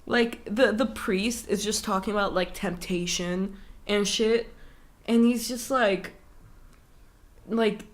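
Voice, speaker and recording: A young woman co-hosting a podcast in casual chat, animated, swearing, laughing and using lots of fillers. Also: mid-range voice, slow pace, long pauses. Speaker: podcast co-host.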